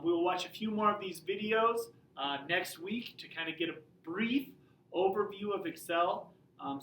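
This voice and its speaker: A chatty high school teacher who jokes around while handing out an assignment. The bright voice comes from some distance off the mic, in a roomy, echoing space with faint ambient noise. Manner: chatty, joking, informal. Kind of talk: casual class video. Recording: roomy audio from away from the mic.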